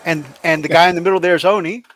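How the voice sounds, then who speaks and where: A man's voice: high-pitched, steady tone, very fast, a bit bright, some chatter behind. A man co-hosting a casual live chat, upbeat and laughing often. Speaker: co-host of a hobby livestream.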